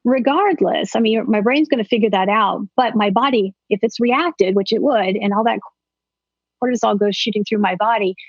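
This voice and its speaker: A woman's voice: mid-range voice, normal speed, dry recording. A middle-aged woman psychologist explaining as a guest in an interview, using everyday analogies. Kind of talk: conversational interview. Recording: dull, slightly muffled audio.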